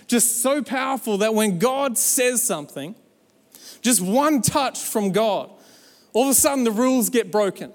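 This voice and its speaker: A man with a high voice preaches a sermon, urging his church on with lively exhortation and playful asides. His voice carries a long reverb that hangs in a large hall. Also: moderate pace. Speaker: pastor.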